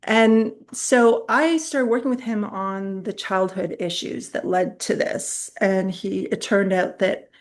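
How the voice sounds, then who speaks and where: A middle-aged woman, a public speaking coach, teaching an online master class in a chatty, animated way, often laughing mid-sentence as she tells stories. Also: mid-range voice, slow pace, hardly any pauses. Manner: chatty, direct, addresses viewers.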